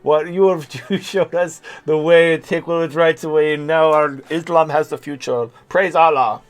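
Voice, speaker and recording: Guy doing a jokey jamaican-accent taliban dude, higher voice, overdone thanks. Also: steady tone, normal speed, lightly acted. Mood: mock grateful. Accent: put-on Jamaican. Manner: mocking, theatrical. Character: Taliban man, put-on Jamaican accent, grateful.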